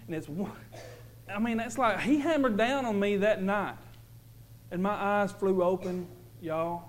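A man's voice: sits high, a little slow, low-quality recording. A man giving an earnest, emphatic personal testimony to a congregation as a father, stumbling and repeating himself.

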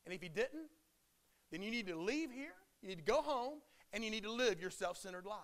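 A man preaching a sermon, swinging between loud impassioned declarations and hushed, quiet drops. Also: sits high, lively intonation, a little fast.

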